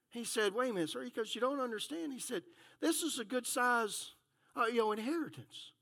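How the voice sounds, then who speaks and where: A man pastor preaching a sermon, telling a story and acting out the dialogue with animated delivery. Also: very high voice, moderate pace.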